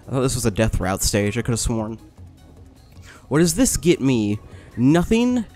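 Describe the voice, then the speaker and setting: A man giving casual let's-play commentary, complaining, swearing and getting excited as he plays. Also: mid-range voice, moderate pace, faint music behind. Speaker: gaming video host.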